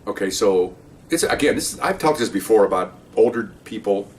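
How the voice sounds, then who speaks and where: A man's voice: fairly low pitch, animated, fairly quick. An older man, a retired police officer, telling a story from his career in a rambling, casual way, restarting sentences and often checking in with an "okay?". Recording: distant mic with faint background hiss.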